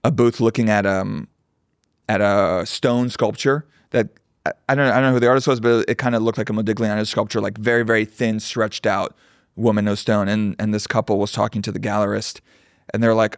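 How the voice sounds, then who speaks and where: A man's voice: lowish voice, a little fast, clean tone, no room sound, studio quality. A man co-hosting a podcast, telling stories animatedly with swearing and impressions. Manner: animated storyteller, swears, mimics people he overheard. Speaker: podcast co-host. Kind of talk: casual chat.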